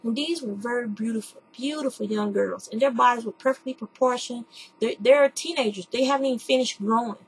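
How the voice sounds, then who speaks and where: Gravelly-voiced woman telling a candid story. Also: a little high, a little fast, a little hiss or hum, poor audio. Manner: candid, chatty, animated retelling. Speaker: podcast host. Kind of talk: casual storytelling monologue.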